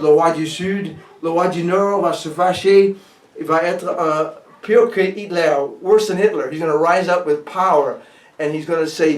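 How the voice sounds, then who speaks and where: American male pastor, bilingual sermon, halting in his second language; echoey room, mic kept at a distance. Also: a little high. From United States. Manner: switches between English and French, halting restarts in French.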